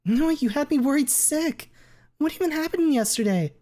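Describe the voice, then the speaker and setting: A man's voice: very high-pitched, expressive, moderate pace, mellow, pitched above the performer's own voice. A man voicing a fretful teenage girl who is student council president. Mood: worried.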